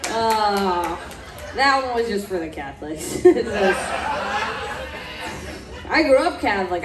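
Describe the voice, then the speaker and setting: A woman's voice: medium pitch, noisy background. A young woman from Mississippi doing a crude stand-up routine, laughing at her own jokes and acting out voices. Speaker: stand-up comedian. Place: comedy club stage. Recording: echoey club room, distant mic. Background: audience laughter.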